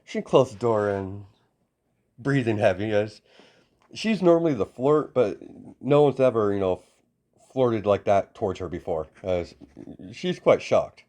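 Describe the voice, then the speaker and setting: A man's voice: lowish voice, lively intonation, measured pace, long pauses, darkish tone. Rambling man telling a fan story. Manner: rambling, filler-heavy. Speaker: narrator. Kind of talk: casual fan-story narration.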